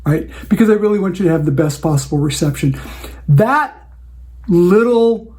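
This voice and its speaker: A man's voice: high voice, lively intonation, moderate pace, darkish tone. A man who hosts a show for wedding DJs, talking through client advice in a casual, conversational way and acting out the dialogue he has with clients.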